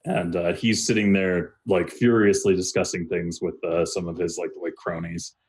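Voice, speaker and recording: A man's voice: sits low, level tone, moderate pace, a little mellow, breathy edge. Man running a tabletop game. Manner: loose, filler-heavy narration. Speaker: game master.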